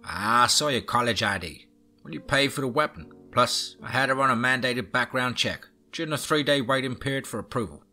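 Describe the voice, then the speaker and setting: A man's voice: mid-range voice, lively intonation, a little fast, faint music behind, voice pushed up. A man doing a Southern pawn shop clerk. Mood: concerned. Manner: matter-of-fact, drops to a hushed tone. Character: southern pawn shop clerk, male, middle-aged, blunt and wary.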